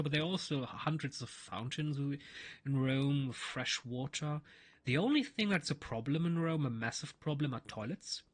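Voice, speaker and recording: A husky man talks casually over gameplay, rambling through an anecdote with restarts and asides. His voice rises and falls in a lively way. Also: mid-range voice. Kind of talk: casual gameplay commentary and storytelling.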